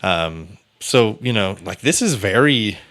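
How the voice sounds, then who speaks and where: A man's voice: fairly low pitch, animated, a little slow, a bit bright. A man hosting a podcast, casually retelling a true-crime case in a loose, chatty way with filler words and the odd curse. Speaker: podcast host.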